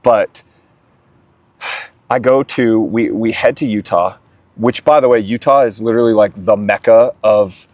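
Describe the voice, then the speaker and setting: A man's voice: on the low side, unhurried, a little mellow, no room sound. A young man sharing his recovery story in a candid, emotional way as an interview guest. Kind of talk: candid testimony.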